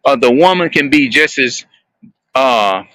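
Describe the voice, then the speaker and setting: A man talking to his viewers in a rambling, halting monologue, often repeating and restarting his phrases. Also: mid-range voice, lively intonation, pushed and bright.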